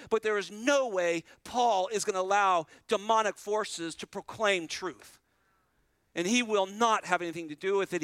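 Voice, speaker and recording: High-voiced man preaching a sermon. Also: creaky, bright, forceful tone, clean tone, no room sound. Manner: earnest, conversational preaching that retells scripture vividly; addresses the congregation directly. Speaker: pastor.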